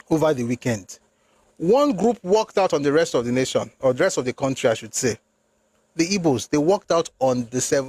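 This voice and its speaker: With a voice on the high side and no room sound, a man offers a rhetorical, emphatic political monologue full of opinion, slipping into phrases. The commentator moves between English and Yoruba and climbs into indignant outbursts.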